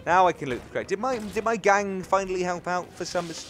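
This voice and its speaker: A British man from England giving excitable let's-play commentary, cheering and scolding the game as he plays. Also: high-pitched, a little fast, faint music behind. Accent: British English. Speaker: gaming channel host.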